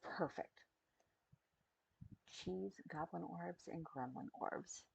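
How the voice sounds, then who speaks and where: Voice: medium pitch, extremely slow, vocal fry, pauses often, slightly rough, no room sound. A streamer chatting casually on a live stream while building an avatar, often muttering to themselves and trailing off mid-thought.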